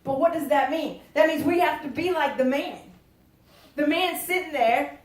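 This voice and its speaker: A high-pitched woman delivers a lively sermon, emphatic and folksy, slipping into joking asides. She is recorded in a roomy church from some distance, with echo all around her voice. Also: moderate pace. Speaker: preacher. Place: church sanctuary. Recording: echoey church from far off.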